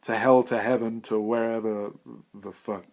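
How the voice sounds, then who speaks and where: A man's voice: on the low side, flat delivery, moderate pace, darkish tone. Man in his 20s, rambling sweary monologue, mocks himself a lot. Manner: profane, meandering, self-mocking. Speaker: podcast host.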